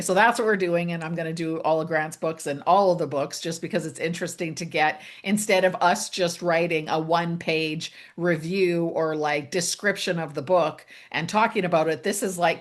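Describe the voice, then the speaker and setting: A woman in her fifties with a lowish voice, talking casually as a guest. She rambles through her thoughts with many fillers and small laughs. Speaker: author and guest. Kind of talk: casual conversation.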